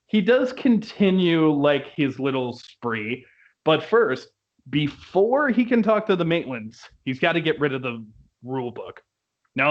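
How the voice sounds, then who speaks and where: A young man reviewing a musical in casual chat, laughing often and quoting lines in put-on voices. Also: a little high. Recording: dull lo-fi recording.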